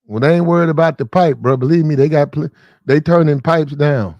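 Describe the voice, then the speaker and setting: A man's voice: fairly high pitch, a little fast, a little mellow, dry recording, dull audio. A man hosting casual opinion commentary, preachy and repetitive, talking straight to the people he discusses. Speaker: commentary channel host.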